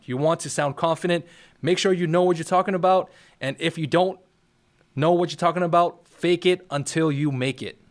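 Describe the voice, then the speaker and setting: A young man hosting a YouTube how-to, coaching viewers in a direct, casual way and checking in with "all right?" He is in his office next to a firehouse. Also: fairly high pitch. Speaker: YouTube tutorial host. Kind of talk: casual how-to talk to camera.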